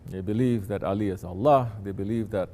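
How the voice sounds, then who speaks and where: Guy preaching to his students, mellow voice, talks to them directly, pretty relaxed. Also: fairly low pitch. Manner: slow, conversational teaching with asides to listeners. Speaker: sheikh teaching disciples. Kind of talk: sermon.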